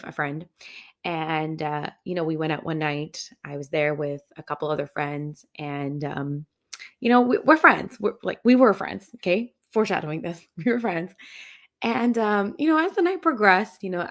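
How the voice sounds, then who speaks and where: A young adult woman hosting a solo podcast, talking candidly and with animated frustration. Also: on the low side. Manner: candid and animated, quoting her own thoughts with frustration. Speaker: podcast host.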